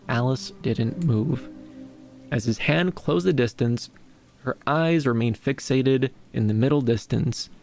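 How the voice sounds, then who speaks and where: Gravelly man reading a story. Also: mid-range voice. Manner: measured, even narration with occasional restarts. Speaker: storyteller, streamer. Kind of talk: reading a fantasy story aloud.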